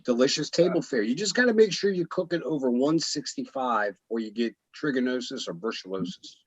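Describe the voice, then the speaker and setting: A man's voice: medium pitch, lively intonation, fairly quick, slightly rough, no room sound, dull audio. A man in casual chat, joking and bantering animatedly.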